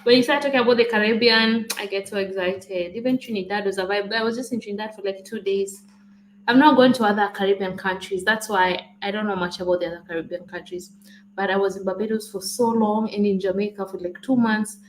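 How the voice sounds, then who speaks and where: A woman's voice: medium pitch, fairly even intonation, quick pace, low-quality recording. Female co-host, playful teasing banter, midrange voice, faint background hiss. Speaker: co-host, vlogger's wife. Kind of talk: casual chat.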